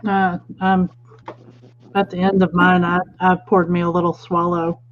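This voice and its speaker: A woman joining a livestream chat with dry, even remarks. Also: on the low side, measured pace. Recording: slightly dull sound, faint noise.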